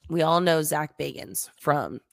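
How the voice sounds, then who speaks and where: A woman's voice: low-pitched, lively intonation, unhurried, vocal fry, dry recording. A young adult woman co-hosting a podcast in casual, giggly, gossipy chat with swearing. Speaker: podcast co-host.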